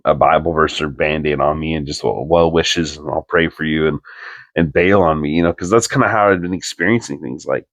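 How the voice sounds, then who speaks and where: A man's voice: extremely low pitch, fairly quick, a bit bright, no room sound. A young man, a podcast co-host, telling a personal story in an earnest, rambling way full of "like" fillers.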